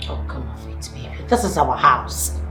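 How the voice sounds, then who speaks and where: A woman's voice: very deep voice, lively intonation, normal speed, pushed and bright, full character voice. A woman with a Nigerian accent playing a defiant, taunting wife in a film scene. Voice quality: taunting, dismissive. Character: brash defiant wife, adult, provocative. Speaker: estranged wife. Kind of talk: Nollywood film acting. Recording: echoey room with music behind.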